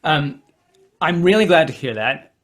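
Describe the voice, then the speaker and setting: A man in his forties, an American author talking on a video call, slightly nasal, with many pauses and fillers. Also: a little high, animated, a bit bright. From United States. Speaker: author guest. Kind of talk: virtual event conversation. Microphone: home computer mic on video call.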